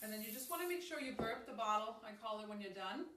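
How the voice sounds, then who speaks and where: A woman's voice: fairly high pitch, animated, fast. A woman hosting a casual live-stream cooking demonstration from a home kitchen, chatty and upbeat, talking straight to her viewers with frequent ums. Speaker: host of a live cooking demo. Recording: echoey kitchen, distant mic, faint noise.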